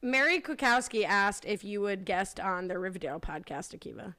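Woman hosting a podcast, chatty, steers the chat, middle pitch. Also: animated, a little fast, pushed and bright. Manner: chatty, leads the discussion, reads listener questions. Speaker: podcast host. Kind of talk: casual chat.

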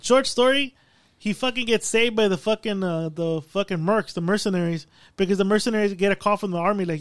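Give me a high-pitched man recapping a film with lots of cursing, recorded dry and close. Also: fast, dry recording. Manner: profane, animated storytelling. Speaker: podcast co-host. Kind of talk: casual chat, movie recap.

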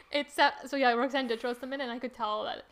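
A woman's voice: high-pitched, fairly bright tone. A woman co-hosting a podcast, telling a story in casual chat, rambling with many fillers and breaking into laughter. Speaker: podcast co-host.

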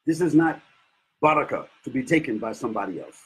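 A man's voice: medium pitch, animated, brisk, breathy edge, low-quality recording. A middle-aged man preaching a lecture sermon, emphatic and rhetorical, sometimes mimicking his critics. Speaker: Islamic preacher.

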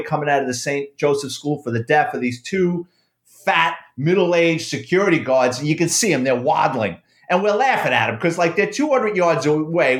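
A middle-aged man, a former police officer and author, telling a profane, animated story in casual conversation. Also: on the high side. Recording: roomy echo.

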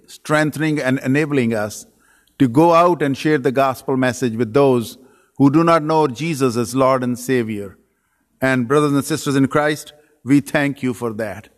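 A man preaches an earnest sermon at a middle pitch. His words ring out with the long reverb of a church sanctuary. He stacks phrases in threes and slips in dry, self-deprecating humor. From Pakistan. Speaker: guest preacher and missionary leader.

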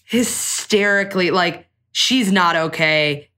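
A woman's voice: lowish voice, slow pace. A woman co-hosting a podcast, chatting casually and agreeably and finishing her co-host's thoughts. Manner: relaxed, agreeable, fills in words for her co-host. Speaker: podcast co-host. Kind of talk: casual recap chat.

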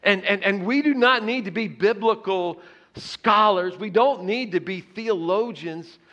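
A man's voice: high-pitched, a little slow, bright, forceful tone, muffled recording. A man preaching a sermon in an earnest way, often repeating words and dropping his voice on key phrases. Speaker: pastor.

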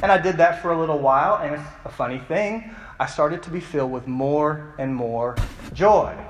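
A man's voice: a little high, reverberant, big-room sound, rough recording. A man preaching a youth sermon as the youth pastor, telling stories in a conversational way and asking the audience questions. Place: church hall.

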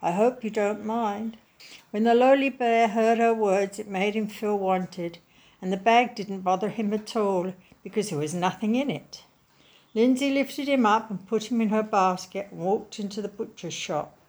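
A woman reading a children's story aloud in a slow, gentle, clearly enunciated way. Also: medium pitch.

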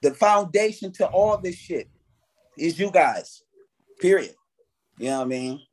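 A man's voice: sits high, expressive, measured pace. A man, a guest artist telling stories in a casual interview, swearing freely and acting out his own past reactions. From United States.

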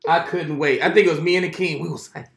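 An excitable man joking and telling stories in a casual group chat, building them up with repetition. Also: on the high side, quick pace, echoey room.

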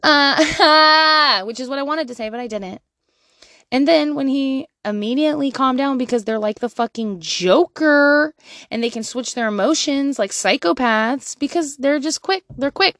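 Her voice sits high and moves at a moderate pace as she, a mother in her thirties, delivers candid, profane parenting advice. She laughs often and swings between quiet asides and loud bursts, captured in studio quality with no echo.

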